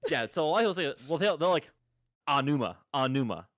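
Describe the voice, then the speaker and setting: A man's voice: on the high side, very fast, no echo, clean studio sound. A man chatting on a live stream, explaining pronunciation patiently like a teacher, with emphatic repetitions. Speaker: stream co-host. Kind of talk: casual chat on a live stream.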